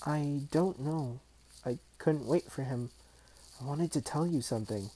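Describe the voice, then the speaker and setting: A man's voice: on the high side, measured pace, dark tone, pitched above the performer's own voice, rough recording. A man reading aloud and voicing a small, eager, slightly anxious boy in a raised voice.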